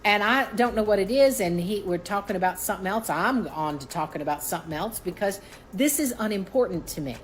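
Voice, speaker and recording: A woman's voice: brisk, slight background noise. A woman, telling a personal story casually and acting out what each person said. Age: 60s. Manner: animated, acts out quoted voices with rising pitch.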